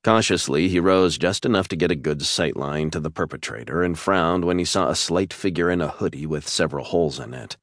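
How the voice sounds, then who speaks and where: An extremely deep male voice narrates a suspense romance audiobook with steady, measured delivery. The recording is dry and close, without any room echo.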